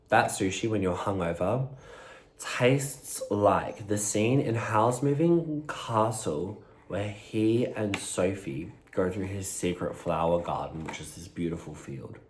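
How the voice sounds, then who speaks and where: A man's voice: fairly low pitch, takes it slowly, slight background noise. A man chatting playfully to his viewers while he eats on camera, talking between bites. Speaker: vlogger eating on camera. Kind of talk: casual mukbang chat to viewers.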